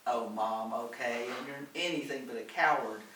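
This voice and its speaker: A man's voice: medium pitch, moderate pace, pushed and bright, close to an everyday voice. A man voicing a guarded adult daughter on the phone, dry and sarcastic, recorded far off in a roomy space with faint hiss.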